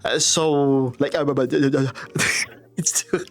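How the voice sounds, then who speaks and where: A man casually chatting on a live stream, reading viewer comments aloud, playful and quick to laugh. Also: mid-range voice, fairly even intonation. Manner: playful, laughs often, reads chat aloud.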